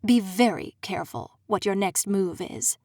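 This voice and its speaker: A woman's voice: mid-range voice, mellow, no echo, clean studio sound, close to an everyday voice. Woman voicing a smug, taunting male fae prince. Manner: slow, taunting, condescending.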